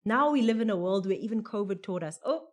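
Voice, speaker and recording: A woman's voice: medium pitch, fast talker. Emphatic woman panel expert. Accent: South African English. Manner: lively, emphatic, acts out quotes. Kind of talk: conversational panel discussion.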